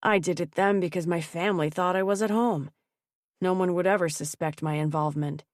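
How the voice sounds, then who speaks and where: A woman's voice: fairly even intonation, fairly quick, no echo, studio quality, close to an everyday voice. A woman voicing a bitter young man who holds a gun and talks through his teeth. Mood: grim. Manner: low, clipped and hissing.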